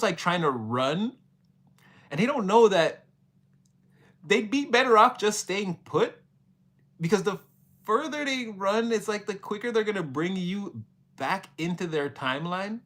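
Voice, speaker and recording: A man's voice: on the high side, fairly bright tone. A man giving a casual, rambling tarot reading, full of fillers, laughs and playful quoted voices. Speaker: tarot reader.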